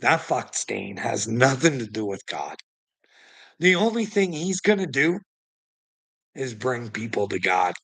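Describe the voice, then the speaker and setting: A man's voice: mid-range voice, big pitch swings, a little slow, creaky, long pauses, a bit bright, slightly rough, no room sound, low-quality recording. A man livestreaming, talking straight to his chat in a rambling, profane, preachy monologue, chuckling now and then.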